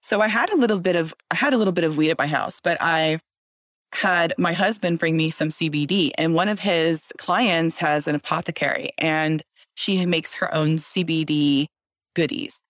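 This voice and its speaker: A woman telling a story in casual chat as a guest, animated and acting out voices. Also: deep voice, moderate pace, no room sound, studio quality. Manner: animated, acts out voices in her stories.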